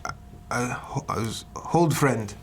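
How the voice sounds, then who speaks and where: A man's voice: medium pitch, lively intonation, a little slow, a little hiss or hum. A man playing a tabletop game, laid-back, describing his character's actions in third person. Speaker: player.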